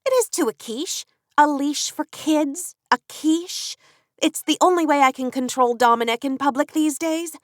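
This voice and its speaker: A woman reading an audiobook and voicing an excitable, melodramatic young mother, her best friend, with a higher, gushing delivery. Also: a little slow, no room sound, clean studio sound. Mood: teasing.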